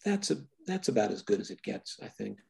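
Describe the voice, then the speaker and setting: An older man with a gravelly, husky voice answers interview questions about his own work. He speaks thoughtfully, often stopping and restarting his sentences. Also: on the low side, sing-song, fairly quick, darkish tone. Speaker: filmmaker guest.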